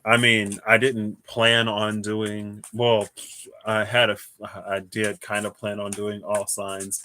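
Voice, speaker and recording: A man giving a casual livestream tarot reading, thinking aloud in a rambling way with restarts and soft chuckles. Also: fairly low pitch, slight background noise. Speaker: tarot reader.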